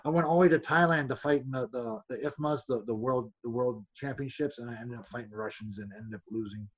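A man's voice: medium pitch, quick pace, husky, dull audio. A man, a former fighter, telling rambling stories as a podcast guest, stumbling and restarting often and acting out other people's lines. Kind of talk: casual storytelling.

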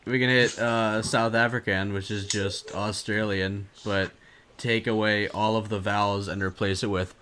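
Bright-voiced playful male co-host. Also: lowish voice, level tone, moderate pace, slight background noise. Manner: playful, riffing on bits. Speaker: podcast co-host. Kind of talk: casual chat.

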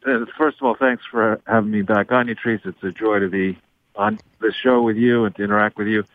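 A man's voice: fairly low pitch, steady tone, brisk, dry recording. A man giving his view as a guest in a political interview, with formal, legalistic phrasing. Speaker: guest commentator. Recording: phone-like dry line.

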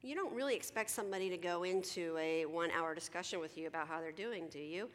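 A middle-aged woman gives a conference talk as a counselor, chatty and animated, slipping into quoted voices of teenagers. Her voice sits fairly low, and a long reverb trails her words around a large hall. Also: fast. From Philadelphia. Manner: animated, conversational, acts out teens and herself in quoted dialogue.

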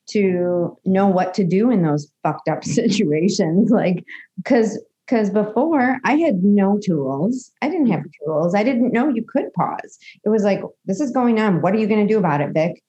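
A woman's voice: fairly low pitch, dark tone, highs cut off. A woman co-hosting a podcast about recovery, talking candidly and animatedly in casual chat. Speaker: podcast co-host.

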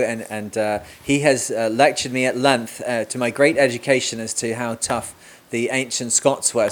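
Rambling, joking man hosting from home. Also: medium pitch. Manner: joking, rambling with many fillers. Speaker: podcast host. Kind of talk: casual remote interview chat. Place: home room with a cat.

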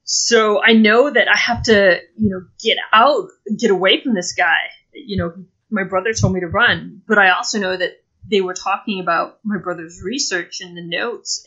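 A woman's voice: medium pitch, bright, forceful tone, muffled recording. A woman playing a tabletop game, describing her character's actions casually in first person with lots of fillers. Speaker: player.

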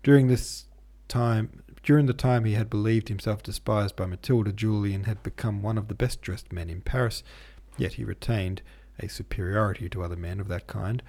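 Male host-narrator for a classic novel, measured delivery, low and warm. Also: fairly even intonation. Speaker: podcast host and reader. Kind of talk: audiobook reading of a classic novel.

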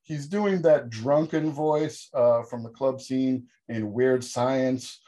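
A man co-hosting a podcast, recapping a film with animated, sarcastic storytelling and sudden jumps in pitch. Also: slow. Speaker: podcast co-host. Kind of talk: casual comedic film review chat.

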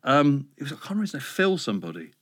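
A man's voice: mid-range voice, very animated, rapid-fire, a bit bright, dry recording. Chatty middle-aged man, dry sound. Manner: chatty and self-mocking, rambling with restarts. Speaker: radio presenter guest. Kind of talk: casual storytelling interview.

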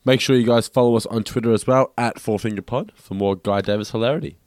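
A man co-hosting a podcast, recapping scenes in steady, low-key casual chat. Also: fast, dry recording, studio quality. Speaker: podcast co-host.

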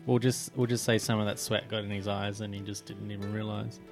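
A man with a lowish voice playing in a tabletop game on a podcast. He jokes in an offhand way, with faint music behind. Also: flat delivery, fairly quick, gravelly. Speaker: player. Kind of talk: casual podcast chat.

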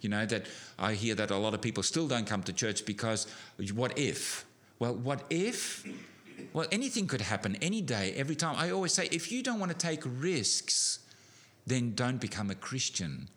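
A middle-aged man preaching a sermon, animated, building to emphatic peaks with frequent restarts. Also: mid-range voice, normal speed.

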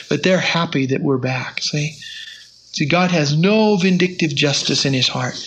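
A man's voice: on the high side, moderate pace, a bit bright, a little hiss or hum. A man teaching the Bible in a sermon, reading scripture aloud with rising emphasis.

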